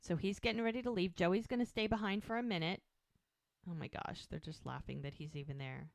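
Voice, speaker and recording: A woman's voice: creaky, no echo, clean studio sound. A woman co-hosting a podcast, recapping an episode in casual chat and acting out lines as she goes. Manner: animated recapping, acting out lines with quick shifts in pitch. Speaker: podcast co-host.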